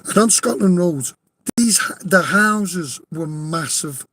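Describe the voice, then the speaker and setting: Speaking slowly in a high, expressive, slightly bright voice, a storyteller with a Liverpool accent recounts a rowdy anecdote. Chatty and casual, he curses freely, laughs often, and keeps insisting it really happened.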